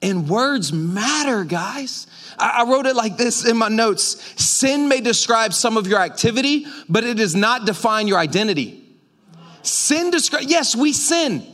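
A man's voice: extremely high pitch, expressive, measured pace, a bit bright. A man preaching a conversational sermon as pastor, emphatic and full of repetitions. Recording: long hall reverb.

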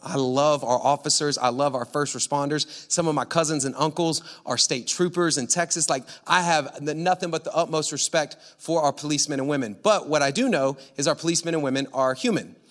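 A male pastor telling an animated, laughing story during a sermon. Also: fairly high pitch, fairly quick, in a large hall.

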